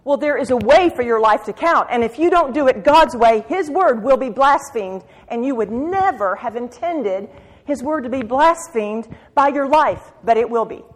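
A middle-aged woman preaching to women, moving from soft confiding asides to urgent exhortation. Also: a little high, expressive, moderate pace. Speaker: women's Bible teacher. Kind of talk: sermon. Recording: long hall reverb.

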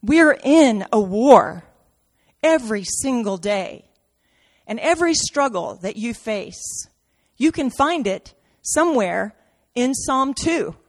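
A woman preaching a sermon with great drama, dropping to near-whispers and rising to shouts. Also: fairly high pitch, big-room sound. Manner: dramatic, swings from soft to shouting, acts out quotes.

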